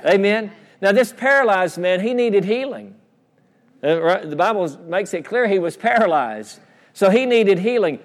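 A man's voice: high voice, lively intonation, normal speed. A man preaching a sermon, repeating phrases and calling for responses from the congregation. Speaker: pastor. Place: church sanctuary. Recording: long church reverb.

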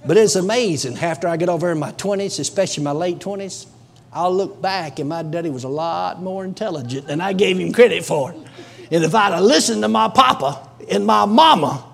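A man's voice: high-pitched, brisk, gravelly, fairly bright tone. A middle-aged man, preaching in a folksy, emphatic storytelling way.

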